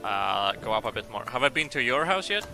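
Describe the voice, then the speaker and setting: A man's voice: medium pitch, very animated, brisk, bright, forceful tone, faint music behind. A man streaming a video game, rambling and joking with frequent laughter and swearing. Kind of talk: casual gaming stream commentary.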